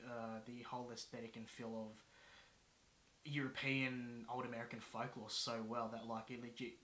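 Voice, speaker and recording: A man's voice: medium pitch, little pitch movement, moderate pace, pushed and bright. A man guest on a casual movie review chat, speaking hesitantly with many ums and restarted sentences. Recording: echoey room.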